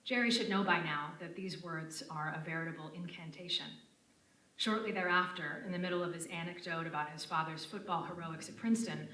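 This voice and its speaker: A woman from Connecticut reading a prepared academic paper aloud to an audience in a university lecture room, with measured, formal delivery. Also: lowish voice, sharp tone. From United States (Connecticut). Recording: roomy and distant lecture-room sound.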